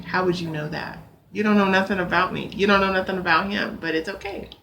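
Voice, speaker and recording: A young adult woman vlogging to camera, ranting in an animated, exasperated way and swearing now and then. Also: lowish voice, quick pace, creaky, a little hiss or hum. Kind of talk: ranting casual vlog.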